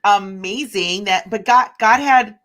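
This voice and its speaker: A woman's voice: mid-range voice, slow pace, fairly bright tone. A woman interviewing a guest, reacting with frequent exclamations. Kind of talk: casual interview chat.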